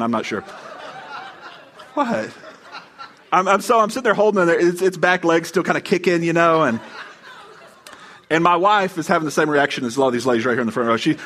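A middle-aged male pastor preaching to his congregation in a somewhat raised voice. He tells a personal family story with playful humor and lively put-on voices for the people he quotes. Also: a little high. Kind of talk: sermon. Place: church before a live congregation.

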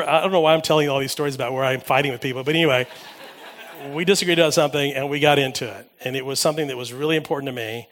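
A male pastor giving a sermon, telling personal stories with lively swings from loud emphasis to quiet asides. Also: mid-range voice.

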